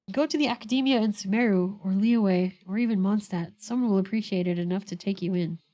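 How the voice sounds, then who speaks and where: A woman's voice: medium pitch, brisk, dark tone, close to an everyday voice. Woman reading as Kirei, an earnest big brother. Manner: reads lines aloud in her own voice. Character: earnest orange-haired young man, remorseful older brother.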